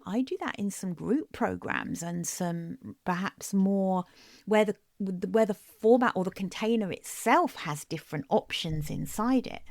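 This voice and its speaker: A woman's voice: mid-range voice, creaky, a little mellow, no echo, clean studio sound. A woman hosting her own coaching podcast, talking directly and emphatically to listeners, repeating phrases to drive each point home. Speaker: business coach and podcast host. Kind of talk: solo podcast monologue.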